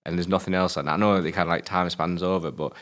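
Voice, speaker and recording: British guy on a film podcast, really deep voice, swears a lot, gets ranty. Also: steady tone, fast talker, a bit bright. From Britain. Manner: sweary, ranting, exasperated. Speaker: film review podcast co-host. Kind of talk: casual film review chat.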